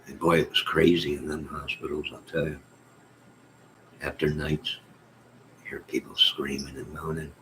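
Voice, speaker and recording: A man's voice: rumbling low, flat delivery, pushed and bright, slight background noise, low-quality recording. A man hosting a casual livestream, reading his chat and telling rambling, joking stories. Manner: rambling, joking storyteller with drawn-out asides. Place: at home in bed.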